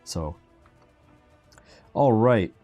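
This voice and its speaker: This man's voice is on the low side, warm and expressive, and he speaks extremely slowly. He's a 3D sculpting instructor chatting and joking through a live digital sculpting lesson, frequently starting sentences over, with faint music behind him.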